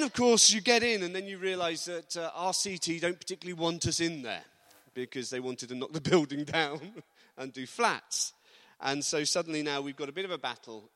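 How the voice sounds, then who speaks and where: A man's voice: fairly high pitch, a bit bright. A man preaching an informal sermon in a church, telling personal stories in a chatty, joking way. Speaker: visiting preacher. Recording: long hall reverb.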